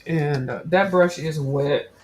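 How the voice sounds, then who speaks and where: A woman's voice: deep voice, slow, darkish tone, soft background music. A woman hosting a casual crafting livestream, chatting in a rambling, slangy way and talking straight to her viewers. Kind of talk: casual chat while crafting.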